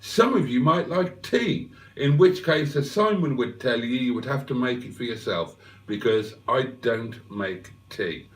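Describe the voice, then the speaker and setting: A man's voice: medium pitch, expressive, measured pace, echoey room, far from the mic. A man hosting a live stream, chatting casually with viewers and rambling with fillers and asides. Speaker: livestream host. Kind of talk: casual live chat reading viewer comments.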